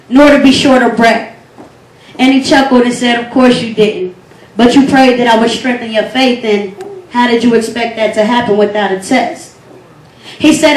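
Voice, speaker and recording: High-voiced woman performing spoken word. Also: recorded from a distance. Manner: rhythmic, earnest and devotional delivery. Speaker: poetry slam host and poet. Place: event hall. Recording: echoey hall recorded from afar.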